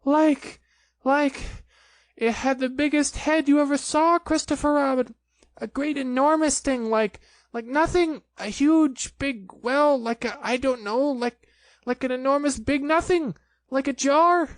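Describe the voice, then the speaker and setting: A tiny timid piglet squeaks in a panicky, breathless stammer. The voice leaps high and swoops all over. The sound is dry and close. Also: male voice, expressive, extremely slow, vocal fry, hardly any pauses, a little mellow, no room sound, exaggerated voice.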